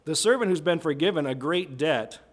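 A man's voice: on the high side, lively intonation, a little fast. A man preaching a sermon in a conversational way, often asking his listeners "right?" as he explains a passage. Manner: conversational, asks listeners questions, tag "right?".

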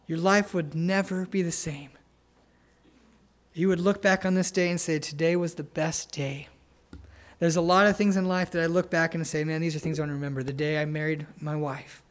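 High-voiced earnest male preacher. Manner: earnest, pleading, tender pauses. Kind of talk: sermon with altar call.

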